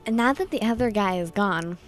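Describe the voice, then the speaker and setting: A woman's voice: mid-range voice, expressive, normal speed, soft background music. A woman playing in a tabletop game, giggly and hesitant. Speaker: player.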